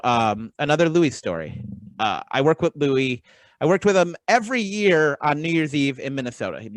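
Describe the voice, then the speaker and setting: A man's voice: medium pitch, no echo, low-quality recording. Comedian in his thirties telling stories. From west coast of the US. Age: 30s. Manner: animated storyteller acting out voices. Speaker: comedian guest. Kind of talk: casual interview storytelling.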